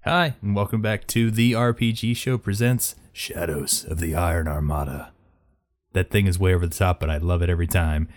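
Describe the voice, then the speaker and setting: A man's voice: deep voice, moderate pace. A man hosting a tabletop role-play podcast, joking and rambling as he introduces the players. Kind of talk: casual chat.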